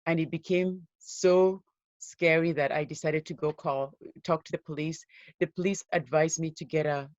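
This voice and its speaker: A woman giving an interview as a guest, telling her own life story in an earnest, steady way. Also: low-pitched, moderate pace, dry recording, lo-fi sound. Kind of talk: personal story told in an interview.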